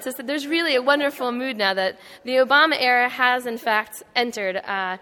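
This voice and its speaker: A woman's voice: a little high, normal speed, sharp tone. A woman giving a public talk at an indoor event, chatty and anecdotal, with many fillers and restarts. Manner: conversational, storytelling with frequent fillers and restarts. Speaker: panel speaker. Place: indoor hall. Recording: long hall reverb.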